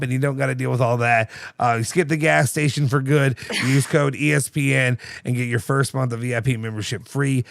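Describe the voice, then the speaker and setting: A man's voice: mid-range voice, creaky, a bit bright, no echo, clean studio sound. A man hosting a casual live show, rambling with fillers and restarts, reading ads and chatting. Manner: rambling, lots of fillers and restarts, laughs easily. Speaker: show host.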